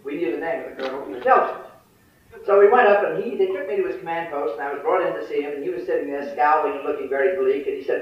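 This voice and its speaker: A man's voice: fairly high pitch, fast talker, slight background noise. Older man, wry storytelling in an echoey hall. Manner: wry storytelling, dry humor. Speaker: speaker at a foreign affairs forum. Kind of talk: after-dinner speech with war anecdotes. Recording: distant, dull, echoey hall recording.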